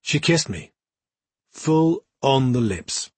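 A cocky young warrior brother, all grins and swagger, spinning a boastful tale, as a male audiobook narrator puts him on. The voice is slightly raised and brighter than the narration, with a husky, breathy grain. It sounds close and dry, with no room around it. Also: medium pitch, lively intonation, takes it slowly, no echo. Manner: jaunty, grinning, storytelling swagger.

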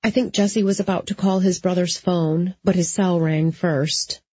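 Husky, mellow woman reading a novel. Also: lowish voice, steady tone, measured pace, no room sound. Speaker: audiobook narrator. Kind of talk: first-person novel narration. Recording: dry, slightly dull studio recording.

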